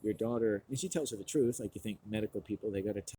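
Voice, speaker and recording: A man's voice: fairly low pitch, racing, dark tone, husky. A man retelling a movie plot in a casual, rambling rant, swearing freely and full of fillers. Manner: acts out quoted people.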